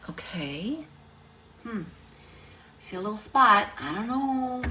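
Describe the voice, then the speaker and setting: A woman's voice: medium pitch, big pitch swings, slow, bright, forceful tone. Middle-aged woman, crafting instructor, chatty, thinks aloud, off-mic, noisy background. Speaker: card-making instructor. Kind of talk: casual crafting tutorial. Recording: distant mic, noisy room.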